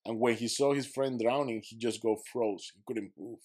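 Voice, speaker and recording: A man's voice: mid-range voice, normal speed, a little mellow. A man who is a podcast guest, telling a vivid story and acting out his own quotes, in slightly broken English.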